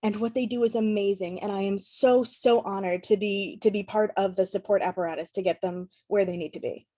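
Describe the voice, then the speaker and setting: A woman's voice: mid-range voice, steady tone, brisk, warm tone. A woman speaking as a climate education advocate on an online panel, rambling and emotional, laughing often. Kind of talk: panel discussion on a video call.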